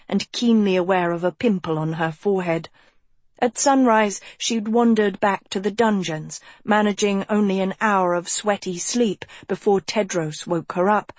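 A woman narrating an audiobook in a measured, even storytelling manner. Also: medium pitch, no echo.

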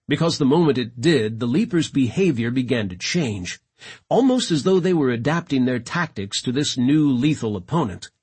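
A man reading a sci-fi audiobook in a dramatic, expressive narration. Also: medium pitch, breathy edge. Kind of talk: scripted narration.

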